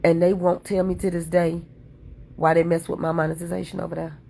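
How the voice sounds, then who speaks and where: Fervent gravelly woman preaching on livestream. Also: fairly low pitch, little pitch movement, a little fast, dark tone, slight background noise. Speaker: livestream content creator. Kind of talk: impassioned livestream talk.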